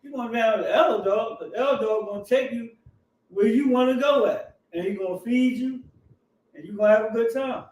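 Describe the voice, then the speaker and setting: A middle-aged man, a guest, telling casual anecdotes in an animated, fast-running way. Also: very high-pitched, recorded from a distance. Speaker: guest, riding club family member. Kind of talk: casual storytelling. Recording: roomy, off-mic.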